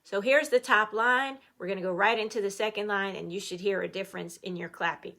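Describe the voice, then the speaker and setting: A middle-aged woman teaching an online music lesson to children, playful and animated, cheering the class on. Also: medium pitch, a little fast, few pauses, slight background noise.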